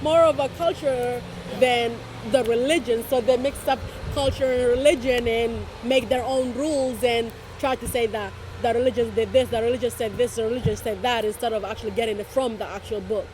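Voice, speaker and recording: A young woman being interviewed, talking casually and with animated storytelling. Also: fairly high pitch, brisk, hardly any pauses, a little hiss or hum. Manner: animated storytelling with quoted voices.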